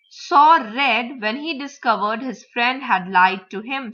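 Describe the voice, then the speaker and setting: A woman teacher explaining vocabulary, word stress and grammar, repeating example words slowly to model the stress. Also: on the high side, bright, forceful tone. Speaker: English teacher. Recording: dull lo-fi recording.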